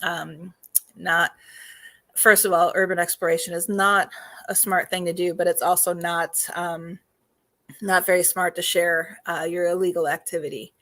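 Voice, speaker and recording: Woman host chatting on a stream, kinda low voice, lots of um and uh, bit hoarse. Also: level tone, normal speed, fairly bright tone. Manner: many fillers, greets viewers. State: slightly losing her voice. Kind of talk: casual live-stream talk.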